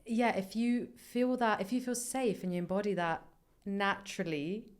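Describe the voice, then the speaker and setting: A woman's voice: mid-range voice, steady tone, normal speed, clear, resonant tone. A woman hosting a casual podcast, curious and asking questions, murmuring agreement while her guest talks. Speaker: podcast host.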